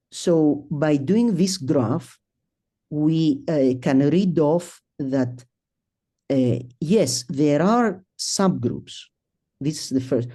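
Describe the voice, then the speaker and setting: A middle-aged man presenting a statistics talk at a symposium, speaking haltingly, restarting sentences and thinking aloud as he works through his slides. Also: a little high, mellow. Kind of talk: academic statistics lecture.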